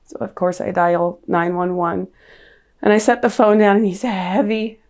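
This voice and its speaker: Gravelly-voiced middle-aged woman recounting loss. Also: mid-range voice, steady tone, unhurried, a little mellow. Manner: raw, earnest recounting of a painful memory. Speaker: podcast guest. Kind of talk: personal storytelling in an interview.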